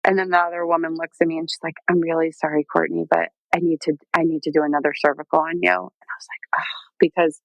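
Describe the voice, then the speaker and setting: A woman's voice: sits low, quick pace, gravelly, hardly any pauses, no echo, low-quality recording. A woman guest telling her own story in a casual, chatty way, full of fillers and acted-out quotes. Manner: chatty, lots of "like" and "um", animated quoting.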